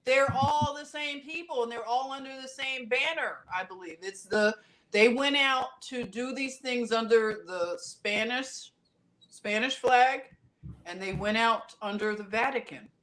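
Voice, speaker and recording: Chatty woman co-host, somewhat high voice. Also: measured pace. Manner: animated storytelling, acting out other people's reactions. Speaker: podcast co-host. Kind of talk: casual conversational podcast chat.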